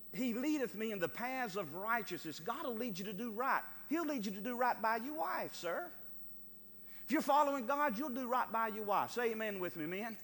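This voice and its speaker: A man preaching a sermon as pastor, emphatic and calling for amens, moving between loud urging and hushed, quiet lines. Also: extremely high pitch, big-room sound.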